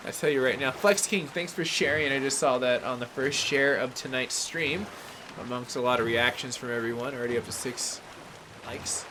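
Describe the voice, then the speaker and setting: A man's voice: medium pitch, moderate pace, background noise. A man from the Bay Area in California, casually rambling through live game commentary, greeting chat viewers by name. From San Francisco Bay Area, California. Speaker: gaming livestreamer.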